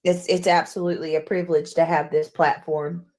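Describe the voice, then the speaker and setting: A middle-aged woman hosting a casual livestream, chatting warmly with viewers, greeting them by name, often clearing her throat. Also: low-pitched, flat delivery, a little fast, a little hiss or hum. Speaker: livestream host.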